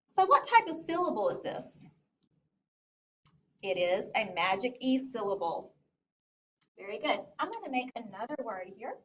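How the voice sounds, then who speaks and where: A woman teacher giving a phonics lesson to young children, speaking slowly, clearly and encouragingly. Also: on the high side, a little hiss or hum. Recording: distant lo-fi recording.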